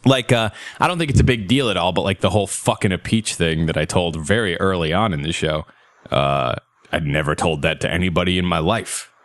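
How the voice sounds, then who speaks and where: A man's voice: sits low, brisk, fairly bright tone, no echo. A man hosting a podcast in casual chat, joking and sarcastic, laughing often. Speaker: podcast host.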